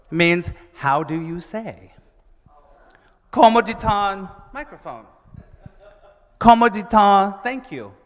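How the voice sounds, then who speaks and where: A man giving a lively sermon-style talk at a church, telling stories and asking his audience questions. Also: a little high. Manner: animated, asks the audience questions. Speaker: church speaker. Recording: church hall with long reverb.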